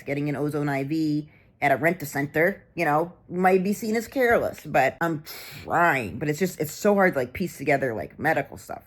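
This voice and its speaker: A woman vlogging in a casual, rambling storytelling way, candid and chatty. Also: deep voice.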